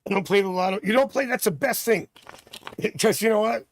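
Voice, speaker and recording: A man from Canada hosting a live tarot stream, chatting with viewers and thinking out loud as he reads cards. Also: sits high, fairly quick. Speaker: tarot reader and livestream host.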